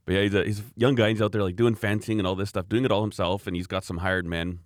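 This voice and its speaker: Man, very deep voice, rambling easygoing storyteller, casual podcast chat, dry close sound. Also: steady tone, fast, few pauses, no echo. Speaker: podcast co-host.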